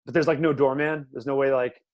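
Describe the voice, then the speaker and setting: A man's voice: mid-range voice, steady tone, brisk, muffled recording. A man in his thirties hosting a podcast in casual chat, rambling and loose, with lots of "like" and "you know". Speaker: podcast host.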